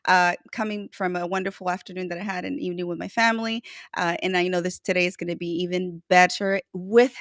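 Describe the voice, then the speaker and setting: A woman's voice: fairly low pitch, steady tone, fast, fairly bright tone, no room sound, studio quality. A woman co-hosting a live stream over a video call, chatting casually, laughing often and greeting viewers by name.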